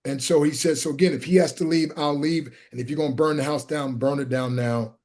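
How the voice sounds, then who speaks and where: A middle-aged man telling personal stories in an interview, acting out the people in them and sometimes shouting. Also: fairly high pitch, steady tone, brisk. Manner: acts out voices in his stories, sometimes shouting. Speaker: guest speaker. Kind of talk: animated storytelling.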